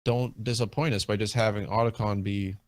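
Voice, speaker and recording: A man's voice: lowish voice, steady tone, brisk, dry recording. A man in a casual discussion, talking at length with many fillers and restarts. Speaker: guest in a video game discussion. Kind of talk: casual chat.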